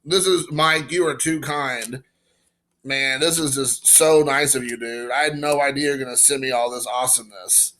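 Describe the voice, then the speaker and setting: A man in his forties from Indiana, excitedly opening and showing baseball cards in a casual, rambling vlog. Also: medium pitch, normal speed. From Indiana, USA. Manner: excited, emotional, rambling with fillers. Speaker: baseball card collector vlogger.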